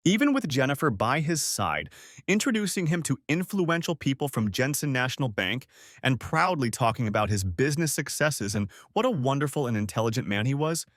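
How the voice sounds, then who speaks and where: A man narrates a story audiobook with a lively, expressive delivery. His voice sits at a middle pitch and moves up and down a lot. The recording is close and dry. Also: no room sound.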